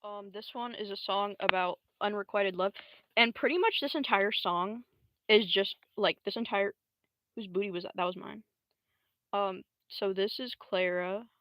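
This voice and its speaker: A young woman livestreams in a bright, sharp tone, rambling through slang and swear words. She breaks into squeaky high voices now and then to quote her characters. The sound is dry and close. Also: normal speed, dry recording, low-quality recording. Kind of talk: casual live-stream commentary.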